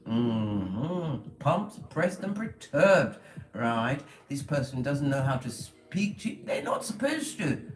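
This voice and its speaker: Animated tarot reader, echoey room. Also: medium pitch, slow. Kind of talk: spiritual tarot reading monologue.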